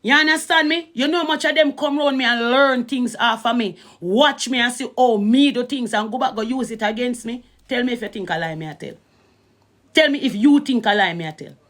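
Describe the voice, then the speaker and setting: A woman's voice: fairly high pitch, a little fast, fairly bright tone. Middle-aged Jamaican woman streamer, casual emphatic rant. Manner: emphatic, repeats "you understand" often. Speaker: social media streamer.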